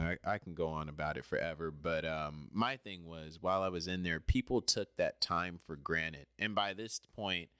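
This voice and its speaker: A man with a deep, pushed, bright voice tells a personal story in a casual, rambling way, on a dry recording with clean studio sound. He's chatty and talks straight to the listener, apologizing whenever he drifts off topic.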